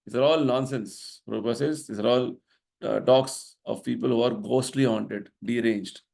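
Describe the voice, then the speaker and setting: Speaking at a normal pace in a medium pitch, a middle-aged man lectures devotionally at a temple where he serves as vice president. His voice is darkish with vocal fry. Earnest in his explanations, he keeps asking the listeners "right?" to check they're following.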